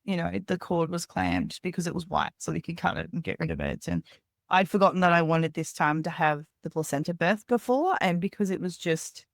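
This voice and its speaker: Low gravelly woman telling her story. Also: lively intonation, brisk, no echo, studio quality. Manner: candid, rambling, peppered with "like". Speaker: podcast guest. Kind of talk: personal storytelling in an interview.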